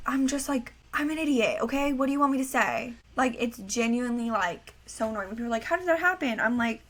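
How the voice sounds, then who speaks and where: A young woman co-hosting a podcast, chatting casually and telling animated stories, acting out what her family said. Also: a little high, a little fast. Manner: animated storyteller, acts out quoted family voices. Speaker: podcast co-host. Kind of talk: casual chat.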